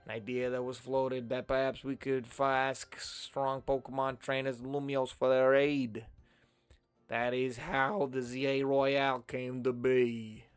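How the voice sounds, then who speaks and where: A man voicing a formal male corporate secretary from a video game, reading the lines in a stiff, deliberate way. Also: mid-range voice, flat delivery, clean tone, faint music behind, lightly acted. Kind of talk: reading game dialogue aloud.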